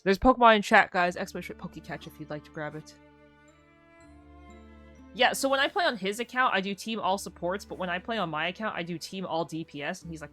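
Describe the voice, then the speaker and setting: A woman streamer chats casually while she plays, her tone bright and a touch low, wandering from story to story and acting out little back-and-forths with a friend. Soft game music hums behind her. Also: lively intonation, a little fast. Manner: rambling, chatty storytelling, acting out quotes of friends. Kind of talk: casual live-stream chat while gaming.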